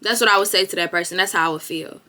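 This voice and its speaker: A young woman vlogger giving a blunt, profane motivational talk straight to the camera, with emphatic, animated delivery that rises to loud bursts. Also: on the low side, very fast.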